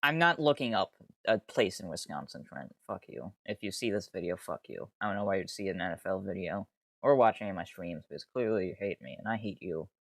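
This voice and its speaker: A man's voice: deep voice, lively intonation, fast, vocal fry, a bit bright, dry recording, clean studio sound. A young man streaming casually, rambling and easily sidetracked, swearing freely with exasperated outbursts. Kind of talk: casual live-stream commentary.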